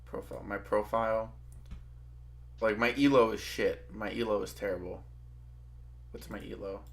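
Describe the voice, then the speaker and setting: A man's voice: fairly low pitch, fairly even intonation, moderate pace. A man co-hosting a stream, laid-back and a bit hesitant, laughing often in casual chat.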